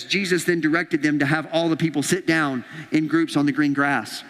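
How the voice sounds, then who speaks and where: A man preaching a sermon, telling a Bible story in a lively way and acting out what the characters say. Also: fairly high pitch, big-room sound. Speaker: pastor. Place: church auditorium.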